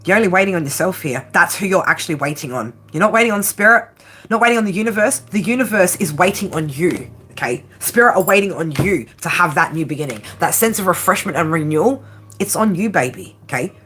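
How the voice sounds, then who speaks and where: A woman's voice: lowish voice, lively intonation, quick pace, a bit bright, faint music behind. A woman tarot reader giving a blunt, profane pep talk, peppering her lines with "right?" and "okay?". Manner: repeats "right?" and "okay?" constantly. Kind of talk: tarot reading monologue.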